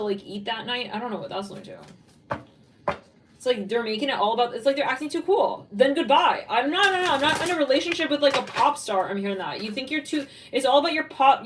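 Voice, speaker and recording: A woman's voice: medium pitch, far from the mic, noisy background. A woman giving a psychic tarot reading, blunt and rambling, swearing freely and voicing what she is picking up. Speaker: tarot reader.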